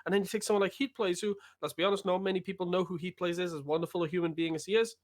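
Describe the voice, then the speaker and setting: A man's voice: high-pitched, steady tone, rapid-fire. A man co-casting a live esports tournament, chatty and wordy with a self-deprecating edge. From United Kingdom. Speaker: esports co-caster. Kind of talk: live game commentary.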